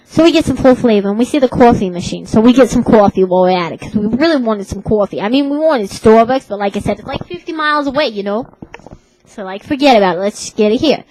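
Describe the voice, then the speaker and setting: A woman's voice: a little high, lively intonation, fast, darkish tone, low-quality recording. A young woman with a Brooklyn accent rambling through a comic story in a slangy, tough-talking manner. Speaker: comedic vlogger. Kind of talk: comedic character monologue.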